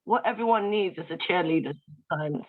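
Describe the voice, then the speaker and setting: A woman's voice: lowish voice, quick pace. Heartfelt woman over a tinny call. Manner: heartfelt, emotional, talks to the audience directly. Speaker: guest speaker at a tribute event. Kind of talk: emotional tribute speech. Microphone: video call. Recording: tinny video-call audio.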